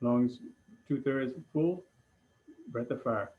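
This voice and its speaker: A man's voice: medium pitch, narrow, tinny audio. Man guiding a breathwork lesson. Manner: calm, deliberate instruction with pauses. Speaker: breathwork instructor.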